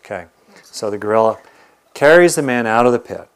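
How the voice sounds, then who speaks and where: A male meditation teacher giving a dharma talk. He tells teaching stories with animated energy, leaning into the drama. His voice sits at a middle pitch for a man. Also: fairly quick, clear, resonant tone. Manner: animated storyteller.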